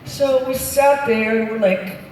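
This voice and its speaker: A woman's voice: unhurried, darkish tone. Woman, 70s, live stage banter, storyteller who voices the other people in her stories; distant echoey crowd recording with noise. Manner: chatty, laughing, acts out other people's lines. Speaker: singer and actress on stage. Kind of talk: telling stories to a live audience. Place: large arena stage before a live crowd. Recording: distant audience recording in a booming arena.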